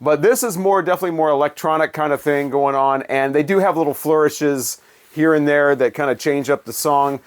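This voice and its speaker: A man's voice: fairly high pitch, fairly even intonation, a little fast. A man casually reviewing old albums, rambling and joking, correcting himself as he goes. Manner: rambling, self-correcting, jokey. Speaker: music reviewer.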